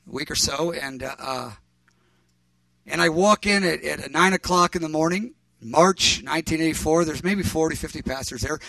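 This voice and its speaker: Preacher guy telling a story, rambly and animated, fixing himself mid-sentence, bright voice, kinda far from the mic. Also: on the high side, no echo. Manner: rambling, animated, self-correcting with fillers and restarts. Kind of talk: sermon storytelling.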